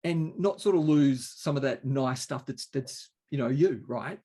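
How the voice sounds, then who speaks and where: A man's voice: medium pitch, measured pace, warm tone. A British man hosting a webinar conversation, asking questions in a conversational, self-deprecating way. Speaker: webinar host.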